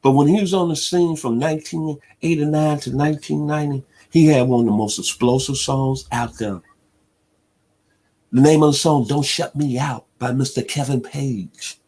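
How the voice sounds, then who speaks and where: A man's voice: fairly high pitch, normal speed, slightly rough. Emphatic man in his sixties. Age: 60s. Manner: emphatic, preacher-like delivery with heartfelt shout-outs. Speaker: sports radio host. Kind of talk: sports talk radio monologue.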